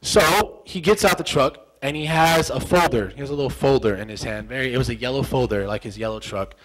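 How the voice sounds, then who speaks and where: A man's voice: medium pitch, fairly quick, a crowd in the background, rough recording. A young American man, a former soldier, telling a story in an interview. He talks animatedly, repeats phrases for effect, and acts out the dialogue he remembers.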